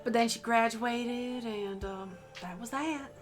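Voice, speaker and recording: Woman reading a friendly small-town young woman in a story game, easygoing, a bit high. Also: takes it slowly, faint music behind. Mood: wistful.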